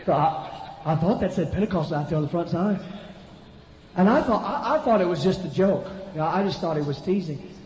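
A man's voice: high-pitched, fairly quick, a little mellow. A man preaching, telling a humorous story in a folksy way, often repeating himself and talking straight to his listeners. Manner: folksy, repetitive, addresses audience directly. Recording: echoey hall, dull lo-fi sound, faint noise.

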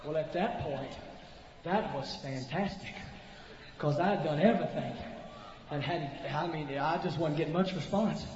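A man's voice: on the high side, unhurried, darkish tone. A man preaching, telling a humorous story in a folksy way, often repeating himself and talking straight to his listeners. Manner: folksy, repetitive, addresses audience directly. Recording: echoey hall, dull lo-fi sound, faint noise.

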